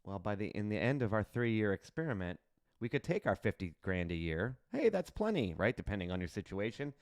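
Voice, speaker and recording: A man hosting his own finance channel, walking through an investment plan in a casual, animated way, often checking in with "right?" and joking at his own expense. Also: on the low side, fairly quick, dry recording, studio quality. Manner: animated, asks "right?" often, jokes at himself.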